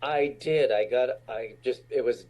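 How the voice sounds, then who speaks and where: A man's voice: mid-range voice, measured pace, dark tone. A man in his sixties from Utah, a guest actor telling casual stories and laughing often. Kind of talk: casual storytelling.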